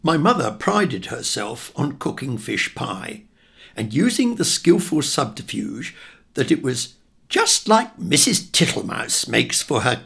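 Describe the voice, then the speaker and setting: Older english man, memoir reader, wry, very gravelly, lively pitch. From England. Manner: wry, reflective storytelling. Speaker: narrator. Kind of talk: memoir reading.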